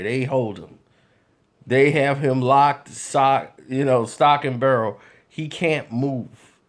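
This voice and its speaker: A man vlogging, telling casual stories in an animated, loose way with frequent laughs. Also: mid-range voice. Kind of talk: casual storytelling.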